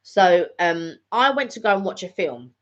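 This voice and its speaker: A woman's voice: on the low side, sing-song, moderate pace. A middle-aged woman, chatting casually and rambling in a live catch-up vlog, often repeating phrases. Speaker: vlogger hosting a live catch-up. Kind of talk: casual chat. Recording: dull lo-fi recording.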